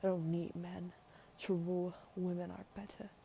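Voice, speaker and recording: A woman voicing a proud, scornful queen mother with a put-on British accent in a soft whispered role-play. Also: lowish voice, little pitch movement, moderate pace, vocal fry, a little hiss or hum. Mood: protective. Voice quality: imperious, scornful.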